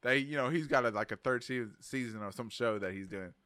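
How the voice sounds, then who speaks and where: A man's voice: medium pitch, fairly quick, bright, forceful tone, no echo, studio quality. A middle-aged man co-hosting a podcast, chatting crudely and profanely, rambling and laughing often. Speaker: podcast co-host. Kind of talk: crude casual banter.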